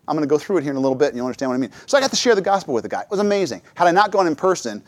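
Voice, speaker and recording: Middle-aged man, church talk, animated pitch, dry close sound, storytelling. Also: rapid-fire, few pauses, no echo. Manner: lively storytelling, acts out his own quotes. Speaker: church speaker. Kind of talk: church talk with personal stories.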